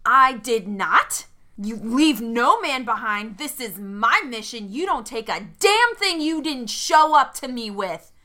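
A woman's voice: fairly high pitch, very animated, takes it slowly, sharp tone, exaggerated voice. Sal, a woman voicing a young fiery leader. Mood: angry. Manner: earnest, pleading then confrontational.

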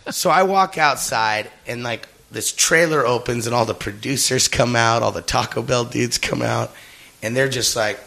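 A man's voice: medium pitch, normal speed, vocal fry, sharp tone. A man telling a funny story in casual podcast chat, acting out the people he quotes and laughing often.

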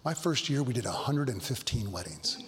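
A middle-aged male pastor telling stories in a Bible study, earnest and halting, with frequent restarts. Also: medium pitch, sing-song, fairly bright tone, slight background noise. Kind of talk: Bible study talk, storytelling. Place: church hall. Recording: long hall reverb.

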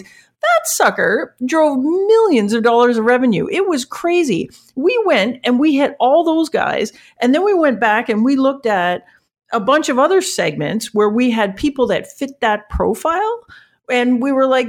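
Lively, laughing woman storyteller. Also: a little high. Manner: laughs often while telling stories. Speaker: marketing leader. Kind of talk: animated anecdotal storytelling.

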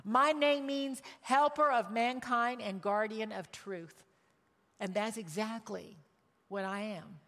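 A woman preaching a sermon, telling a story with emotion and shifting from loud cries to hushed words. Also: fairly high pitch, slow pace, big-room sound. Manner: emotional, swings from loud exclamations to hushed tones.

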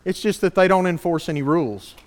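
A man with a fairly high voice delivers a sermon fast and in a drawl. Earnest and animated, he keeps firing pointed rhetorical questions at his listeners.

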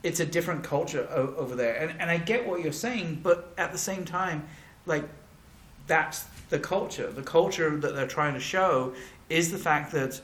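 British guy rambling on a podcast, bright voice, echoey room. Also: fairly high pitch. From Britain. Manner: rambling, halting, profane. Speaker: podcast co-host. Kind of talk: casual podcast chat.

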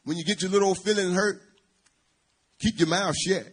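Husky preacher man calling to his church. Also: high voice, steady tone, moderate pace. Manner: call-and-response, calling out to the congregation. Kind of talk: church sermon.

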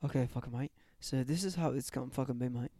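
A man's voice: sits high, big pitch swings, fast talker, dark tone, no echo, clean studio sound, voice pushed up. A man voicing a crude, swearing zoo worker from Australia who says mate at the end of nearly every line. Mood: brash.

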